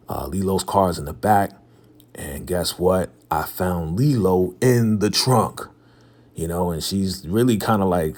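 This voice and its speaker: A man's voice: low-pitched, moderate pace, a little mellow. A young man casually recapping a TV drama episode, retelling scenes by quoting the characters in loose paraphrase and chuckling now and then. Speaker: TV recap host.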